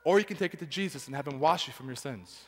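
High-voiced guy preaching, lots of echo from the church hall, keeps asking the crowd stuff. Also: fast talker, breathy edge. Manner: emphatic, asks the congregation questions. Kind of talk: sermon. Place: church sanctuary. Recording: church hall with long reverb.

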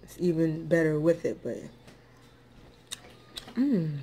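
A woman's voice: on the low side, unhurried, long pauses, noisy background. A woman chatting casually in an eating vlog, drawling and chatty with lots of ums, as dishes and cutlery clink behind her. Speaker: food vlogger. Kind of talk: casual mukbang eating chat.

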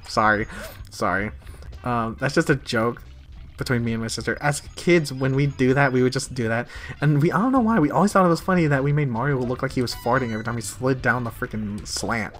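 A man giving casual, excitable let's-play commentary, swearing and laughing often. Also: medium pitch, moderate pace. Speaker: gamer. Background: faint game music.

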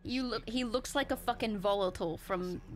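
A woman's voice: a little high, normal speed. A woman streaming a horror game from her home setup, talking into a headset mic. Her commentary is sarcastic and playful, full of jokes and casual swearing aimed at her chat. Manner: joking, sarcastic, swears freely.

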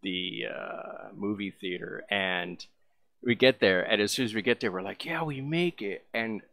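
A man's voice: fairly low pitch, steady tone, a little slow, gravelly, pushed and bright. A man casually telling a long, rambling story as a vlogger, full of fillers.

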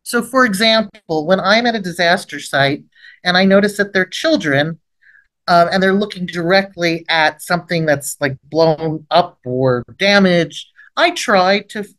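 A middle-aged woman giving an instructional training lecture on first aid for the mind, acting out short gentle approach lines in between. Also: fairly low pitch. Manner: lively, rises sharply when acting out gentle approach lines. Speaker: trauma expert leading a training webinar. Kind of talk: instructional lecture with role-played examples.

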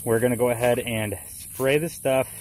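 With a mid-range, darkish voice and fairly even intonation, a Florida gardening vlogger walks through a gardening task step by step outdoors in his garden. He talks casually at a moderate pace for his how-to vlog, muffled by a face mask.

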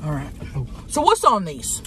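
A brash trailer-park lady, played by a woman, who swears freely and teases bluntly. Her pitch jumps around a lot as she talks. There is a faint hum of background noise in the parked car. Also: huge pitch swings, a little slow, fairly bright tone, exaggerated voice. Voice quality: crude and swearing, blunt and teasing. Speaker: guest. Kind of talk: casual chat in character.

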